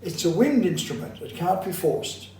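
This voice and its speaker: A man teaching a singing lesson as a voice coach, explaining in a measured, instructive way and slowing down to stress key points. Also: high voice, big pitch swings. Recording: very echoey room, voice from a distance.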